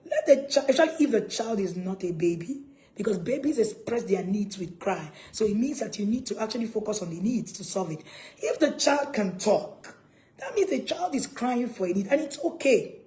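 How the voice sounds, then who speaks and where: A woman's voice: mid-range voice, animated, normal speed, dark tone. A woman, a parenting coach giving an earnest, emphatic talk to viewers and laughing between points.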